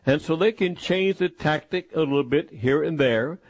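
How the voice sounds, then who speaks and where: A man preaching a sermon, emphatic and repetitive, with deliberate pauses. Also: on the high side, no echo.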